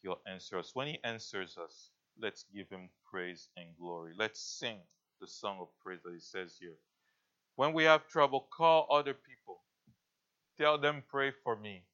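Guy preaching, bright clear voice, keeps restarting, kinda dull lo-fi sound. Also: fairly low pitch, animated. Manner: halting, many restarts, earnest. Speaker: pastor. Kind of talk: sermon. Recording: dull lo-fi recording.

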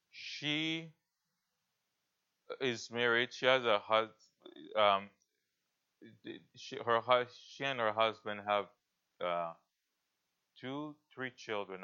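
Guy preaching, bright clear voice, keeps restarting, kinda dull lo-fi sound. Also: lowish voice. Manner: halting, many restarts, earnest. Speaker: pastor. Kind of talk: sermon. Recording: dull lo-fi recording.

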